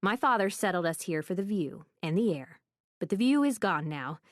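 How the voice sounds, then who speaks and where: A woman voicing a kindly, matter-of-fact old woman psychic in an audiobook, speaking slowly and soothingly. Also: fairly low pitch, animated, dry recording, clean studio sound, lightly acted. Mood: reminiscing. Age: older. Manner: slow, soothing, motherly, calls everyone dear.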